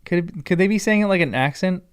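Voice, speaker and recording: A man reading a novel for the first time, musing and reacting excitedly between passages. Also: high-pitched, fast, clear, resonant tone. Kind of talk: casual reaction commentary.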